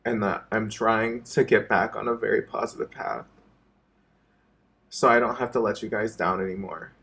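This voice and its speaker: Gravelly, husky man confessing on camera. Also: lowish voice, steady tone, a bit bright. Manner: halting and repetitive, swearing often. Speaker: vlogger. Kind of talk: emotional personal confession to camera.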